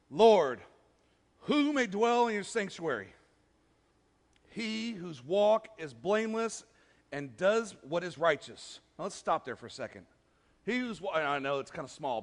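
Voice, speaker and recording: A young man preaching a sermon as pastor, animated, acting out quotes and joking with the congregation. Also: high voice. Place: church sanctuary. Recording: long hall reverb.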